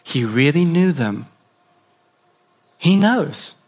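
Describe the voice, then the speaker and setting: Male preacher, somewhat high voice. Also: sing-song, extremely slow, husky. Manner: conversational, asks the listeners direct questions. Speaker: pastor. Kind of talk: sermon.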